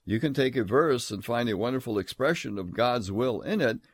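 A man giving a scripture lecture, emphatic, reading verses aloud in a measured, solemn tone. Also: mid-range voice, lively intonation, slightly rough. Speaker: Bible teacher.

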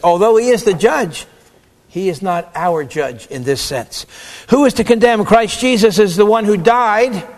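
A man preaching a sermon in an emphatic, lively way, acting out the quotes he reads. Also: high-pitched. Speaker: preacher and theologian. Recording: long reverb of a hall.

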